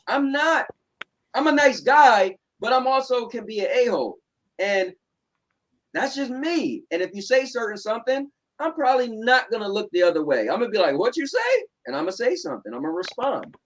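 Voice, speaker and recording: Blunt New Jersey man, high voice. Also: animated, normal speed, a bit bright, slight background noise, low-quality recording. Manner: blunt, sarcastic, repeats "right?". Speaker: show host. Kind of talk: casual chat. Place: home.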